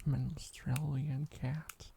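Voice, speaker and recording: An ASMR streamer rambling in a soft whisper, playful and giggly, meowing on viewers' requests, close to the microphone. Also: medium pitch, little pitch movement, slow pace, vocal fry, slight background noise.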